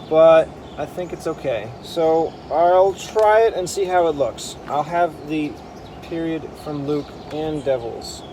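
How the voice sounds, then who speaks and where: In a rough recording with a bit of hiss or hum, a man with a slightly high, warm voice works on combining Bible verses. As a harmony editor thinking aloud, he reads passages and muses over them, correcting himself along the way.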